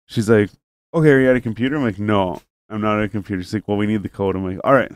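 A man's voice: fairly low pitch, very fast, no room sound. A man telling a long, rambling story in casual chat, cursing freely and acting out both sides of a phone call.

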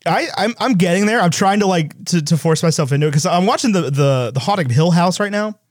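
A man chatting casually about films, lively and animated, tossing in quick impressions as he retells scenes. His voice sits slightly high for a man, swings widely in pitch, and is recorded close and dry. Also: no room sound. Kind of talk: casual chat about movies.

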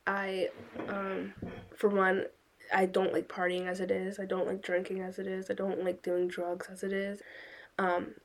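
A woman's voice: mid-range voice, completely flat delivery, a little slow, slight background noise. A young woman speaking with her mother in a reassuring, supportive way. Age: young adult. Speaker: daughter of the host.

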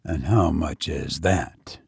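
A man doing a quiet, crafty castle jailer. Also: extremely low pitch, takes it slowly, creaky, slightly rough, no echo, studio quality, voice pushed down, heavily acted. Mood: sly.

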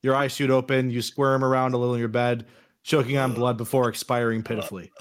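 A man's voice: mid-range voice, flat delivery, fast talker. A man hosting a casual podcast, reading out a choose-your-own-adventure game between jokes with his co-hosts. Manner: reads story passages aloud with laughs and swearing.

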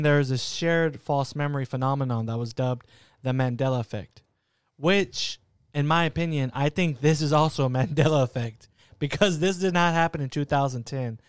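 A man's voice: medium pitch, clear, resonant tone, dry recording, studio quality. A man in his thirties co-hosting a podcast, joking around in casual banter. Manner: joking, slips into silly voices. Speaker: podcast co-host.

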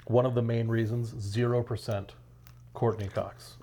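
A man co-hosting a podcast, trading dry deadpan jokes in casual banter. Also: medium pitch, normal speed. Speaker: podcast co-host.

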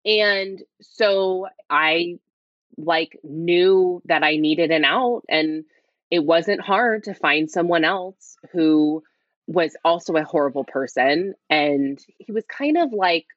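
As an interview guest, a low-voiced woman candidly recounts her own story slowly in a hushed half-whisper, rambling, restarting, and leaning heavily on "like." The recording is dull and lo-fi, with a dry, close sound.

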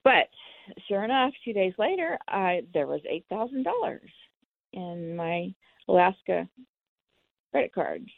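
A woman's voice: medium pitch, big pitch swings, a little slow, gravelly, long pauses. A woman telling her own story in an interview, candid and acting out the dialogue. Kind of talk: personal storytelling. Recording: tinny phone line, dry.

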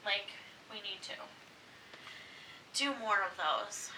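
A woman in her thirties co-hosting a podcast, talking loud and animated, swearing and laughing in casual chat. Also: mid-range voice, normal speed, pauses often, far from the mic, background noise. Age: 30s. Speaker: podcast co-host.

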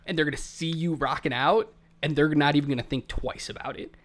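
Casual podcast co-host, male, slightly higher voice, retells film scenes with quick acted-out quotes. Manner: recounts scenes, quoting characters in quick bursts. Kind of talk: casual movie discussion.

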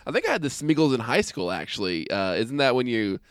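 A man's voice: mid-range voice, smooth, dry recording, clean studio sound. A man co-hosting a horror film podcast, chatting casually and joking around. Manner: animated, jokey, quick to riff. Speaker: podcast co-host. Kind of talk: casual chat.

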